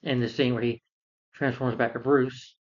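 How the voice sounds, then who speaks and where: A man rants casually about a film he dislikes, rambling through the plot and acting out the characters as he goes. His voice sits at an ordinary middle pitch. The recording sounds slightly dull and lo-fi. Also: level tone, moderate pace. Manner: rambling, retells scenes and acts out characters. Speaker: film reviewer. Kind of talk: casual film review rant.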